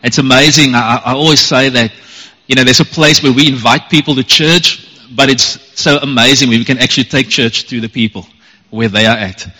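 A man's voice: on the low side, bright, forceful tone. A man leading a church service, enthusiastic and encouraging as he thanks the speaker and calls up the next one. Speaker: church leader. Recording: long hall reverb.

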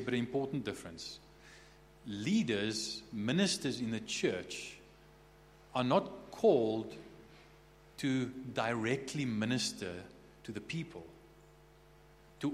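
Conversational preacher man in an echoey hall. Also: medium pitch. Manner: conversational, repeats and restarts words, checks in with "okay?". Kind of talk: sermon. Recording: echoey hall with faint hum.

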